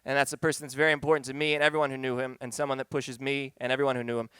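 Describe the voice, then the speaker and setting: A man's voice: medium pitch, flat delivery, very fast, pushed and bright, clean tone, no echo. A man telling a personal story live on a pub stage, conversational and wry, turning earnest.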